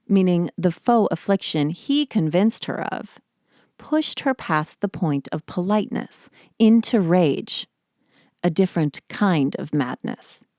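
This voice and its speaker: A woman hosting a podcast reads her scripted narration in a measured, deliberate manner. Her voice sits low and the recording is dry and close, with no room sound. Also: a little mellow, dry recording. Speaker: podcast host.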